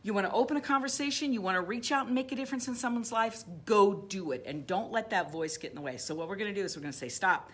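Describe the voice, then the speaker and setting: A woman business coach giving an emphatic motivational talk, repeating phrases and easing into a soft guided visualization. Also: mid-range voice, animated, fast talker, hardly any pauses, breathy edge.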